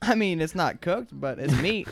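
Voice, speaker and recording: A young man co-hosting a podcast, making absurd jokes with a deadpan delivery. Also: sits high, normal speed, a little hiss or hum. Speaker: podcast co-host. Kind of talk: casual comedic banter.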